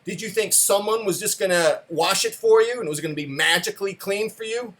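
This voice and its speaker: A man's voice: fairly high pitch, animated, normal speed, fairly bright tone. A man voicing his stern military father, scolding his son in a barking, sarcastic drill-sergeant lecture.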